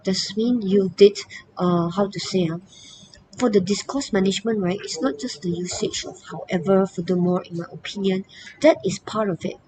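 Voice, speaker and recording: A woman's voice: mid-range voice, normal speed, warm tone, slight background noise, rough recording. A woman, a teacher giving an online lesson, who keeps saying "okay" and "all right" and calls herself "teacher". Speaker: English teacher.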